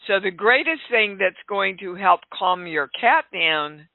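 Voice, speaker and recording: Woman radio host, slow and gravelly, blunt but chatty, on a thin, dry line. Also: medium pitch, lively intonation. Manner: chatty and direct, gently scolding callers. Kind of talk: call-in radio talk. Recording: dry, phone-like narrow sound.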